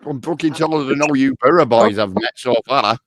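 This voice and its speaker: A man's voice: mid-range voice, brisk, crowd noise. A man from Rochdale with a northern English accent, teasing his mates in sweary banter on a group call. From Rochdale, England.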